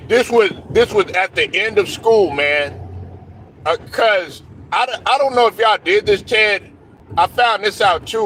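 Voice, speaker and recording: A man's voice: fairly high pitch, fairly bright tone, a little hiss or hum. A young man hosting a casual sports talk show, telling stories loosely with slang, cursing and laughs.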